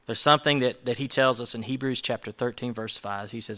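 Man, pastor, sermon, bright clear tone, mid pitch, emphatic. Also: a little fast, hardly any pauses. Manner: conversational, emphatic, swings from soft asides to loud urgency.

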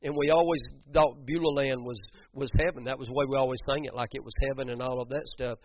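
A man's voice: medium pitch, steady tone, brisk, hardly any pauses, highs cut off, slight background noise. A middle-aged man preaching a sermon, fervent, repeating phrases for emphasis and restarting his sentences often. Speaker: pastor.

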